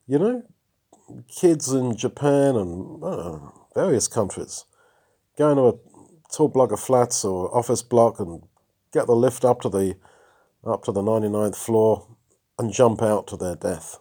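A man giving a reflective sermon on a Bible passage, rising for emphasis between pauses. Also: medium pitch, animated, mellow. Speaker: preacher.

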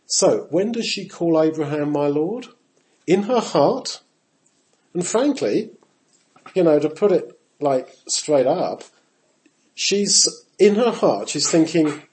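A man's voice: on the high side, a little slow, low-quality recording. A man teaching the Bible in a conversational sermon. He talks straight to his listeners and acts out the quotes he reads. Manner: animated, acts out quotes with shifting voice, talks to his audience directly. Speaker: preacher.

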